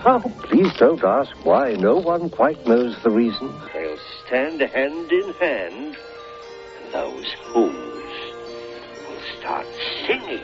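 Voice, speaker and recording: A man voicing a dramatic storybook narrator in an old cartoon, telling a rhyming tale slowly in sing-song lines. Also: mid-range voice, huge pitch swings, exaggerated voice. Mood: storytelling. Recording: dull old film soundtrack over music.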